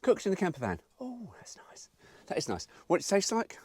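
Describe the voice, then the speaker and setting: A man's voice: high-pitched, wildly swooping pitch, brisk, a little mellow, husky, dry recording. A man chatting casually to camera while cooking in his campervan, sweary and chatty, sounding tired. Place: inside a campervan. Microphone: camera mic.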